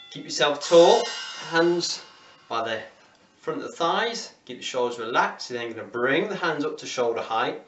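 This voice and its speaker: A man's voice: mid-range voice, fairly bright tone, reverberant, distant mic. A man with an English accent leading a home workout class, encouraging and counting down reps. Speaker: fitness instructor.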